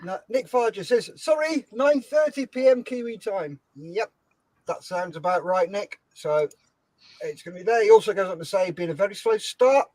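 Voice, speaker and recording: A man's voice: sits high, expressive, moderate pace, darkish tone, no echo. A man hosting a livestream from a shed, joking with guests and reading out viewer comments. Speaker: livestream host. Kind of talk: casual chat.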